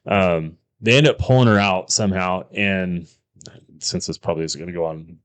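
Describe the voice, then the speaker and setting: A man's voice: deep voice, normal speed. A man, a former police officer, co-hosting a podcast and telling stories in casual chat, acting out quotes and swearing freely. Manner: animated storyteller, acts out quotes, swears freely.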